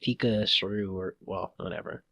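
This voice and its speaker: Excitable rambling man. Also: low voice, unhurried, no echo. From United States. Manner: excitable and rambling, laughs often. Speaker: podcast co-host. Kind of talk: casual chat.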